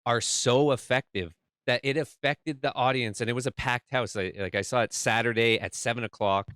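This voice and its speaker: A man's voice: mid-range voice, normal speed, fairly bright tone, clean tone, no echo, studio quality. A man co-hosting a horror podcast, chatting casually and animatedly, acting out crowd reactions. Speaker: podcast co-host.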